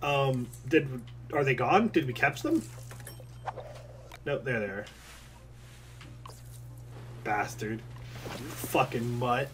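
A man's voice: medium pitch, takes it slowly, long pauses, a little hiss or hum. Swearing, jokey man gaming. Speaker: streamer playing with his sister. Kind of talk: casual game commentary and voice acting.

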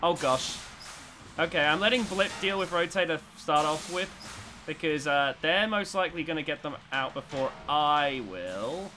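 A man giving excitable commentary as he plays a robot combat video game, swinging between tense muttering and loud cheering. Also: fairly high pitch, normal speed, a little hiss or hum. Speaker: gaming YouTuber.

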